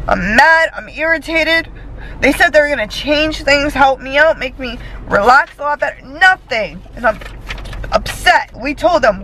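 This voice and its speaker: A woman's voice: high-pitched, animated, normal speed, sharp tone, slight background noise, rough recording. A young woman vlogging casually to camera, talking candidly and chattily and swearing freely. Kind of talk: casual vlog talk to camera.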